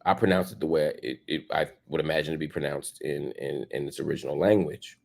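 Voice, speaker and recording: An opinion commentary host argues his point emphatically, firing off rhetorical questions and casual slang and jumping in pitch for stress. His voice is steady, a little fast, creaky, and darkish.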